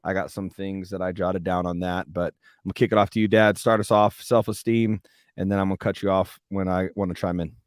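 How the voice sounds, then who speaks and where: Teasing young podcast host. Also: male voice, low-pitched, little pitch movement, fairly quick, smooth, no echo, studio quality. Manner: joking, teasing interjections. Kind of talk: casual podcast chat.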